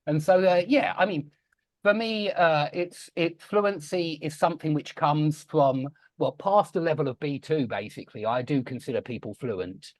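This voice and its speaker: A man's voice: a little high, normal speed, no echo. A man with a London accent, chatting and telling stories as he runs an English conversation class. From London area, England. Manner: chatty, animated storyteller.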